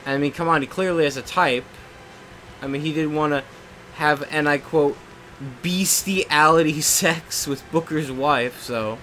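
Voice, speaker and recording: Bright-voiced young streamer, rambling. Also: male voice, fairly high pitch, fairly even intonation, normal speed, slight background noise. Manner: rambling, swears at the game. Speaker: live streamer. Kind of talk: casual chat while gaming.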